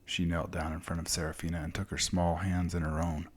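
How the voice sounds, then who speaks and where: Deep husky male storyteller. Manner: slow, calm, descriptive reading. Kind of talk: scripted fantasy narration.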